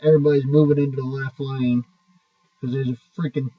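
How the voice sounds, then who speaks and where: A man's voice: mid-range voice, level tone, fairly quick, breathy edge. A truck driver rambling through a story in a loose, profane way, often restarting his sentences. His voice comes across as dull and distant, caught by a mic set away from him in a dry room with no echo. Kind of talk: casual spoken storytelling.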